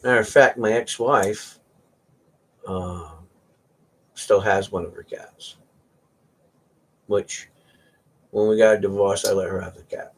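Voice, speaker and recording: A man's voice: fairly low pitch, fairly even intonation, slow pace, long pauses. A man hosting a casual chat, rambling through stories about his cats and sometimes mimicking their meows. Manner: rambling storyteller, imitates cats meowing. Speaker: host.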